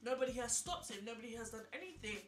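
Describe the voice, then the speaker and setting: A young woman vlogger telling a story while getting ready, animated and incredulous, full of "like" and repeated questions. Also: fairly high pitch, quick pace, slight background noise. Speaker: beauty vlogger. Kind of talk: chatty get-ready-with-me storytelling. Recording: echoey room, faint music.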